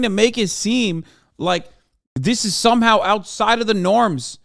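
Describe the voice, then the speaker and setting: A man's voice: high-pitched, normal speed, creaky, a bit bright, no room sound, studio quality. Furious, profane streamer man. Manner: angry, profane, emphatic ranting. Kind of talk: heated livestream reaction commentary.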